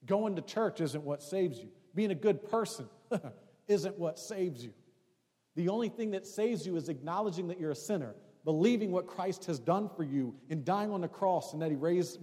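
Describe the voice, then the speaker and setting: A male pastor delivers a sermon in a high voice, pressing points with rising emphasis and then falling to quiet storytelling. His words ring out with a long reverb in a church sanctuary. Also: expressive, moderate pace. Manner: preaching with rising emphasis, drops to hushed tones for stories.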